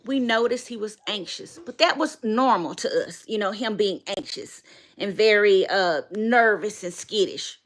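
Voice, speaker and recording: A woman's voice: mid-range voice, unhurried. A middle-aged woman, emotionally retelling a story to her viewers in a repetitive, emphatic way. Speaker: dog owner vlogger.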